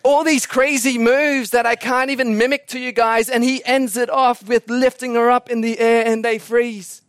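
High-voiced pastor telling lively stories. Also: male voice, normal speed, no room sound, clean studio sound. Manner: animated storytelling, chuckling asides. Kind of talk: sermon. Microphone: podcast recording.

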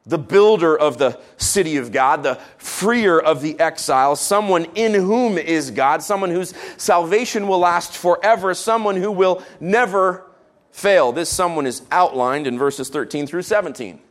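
A man preaching a sermon, reading scripture with rising emphasis and dropping into casual, quiet asides. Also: sits high. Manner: casual asides with fillers between solemn readings.

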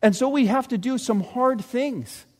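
A man's voice: extremely high pitch, measured pace, big-room sound. A man preaching a sermon in a church, earnest and conversational, at times acting out the voices of ordinary people. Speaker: pastor. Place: church sanctuary.

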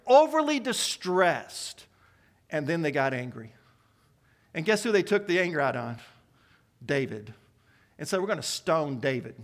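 A male pastor with a noticeably high voice delivers a sermon. He leans on rhetorical questions and builds his emphasis as he preaches. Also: a bit bright.

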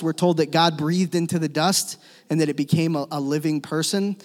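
Pastor guy preaching, kinda high voice, big echoey hall, goes loud then real quiet. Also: steady tone, normal speed. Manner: dramatic shifts between loud emphasis and hushed tones. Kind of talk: sermon. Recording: long reverb of a church hall.

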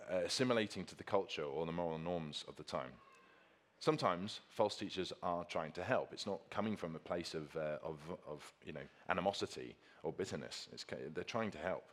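A man's voice: low-pitched, expressive, a little fast. A man preaching a sermon with slides, earnest and emphatic, repeating key phrases for stress.

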